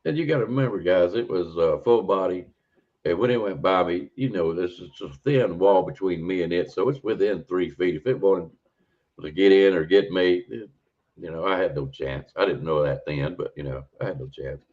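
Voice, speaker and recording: A man's voice: sits low, moderate pace, a little mellow. A man, a podcast guest telling a rambling, folksy encounter story in a casual way. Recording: dull lo-fi audio.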